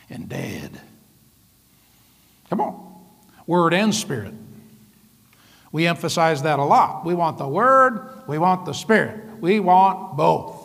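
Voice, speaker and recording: A man preaching a sermon as pastor, lively, often laughing and calling out to the congregation. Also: fairly high pitch, vocal fry, in a large hall. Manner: lively, laughing often, calls out "come on" and "right?".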